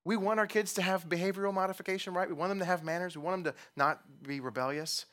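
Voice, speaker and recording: A man's voice: sits high, fairly even intonation, quick pace, a bit bright. A young adult man preaching a casual, conversational sermon in church, joking at his own expense and asking the audience questions. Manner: conversational, self-deprecating, asks the audience questions. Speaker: pastor.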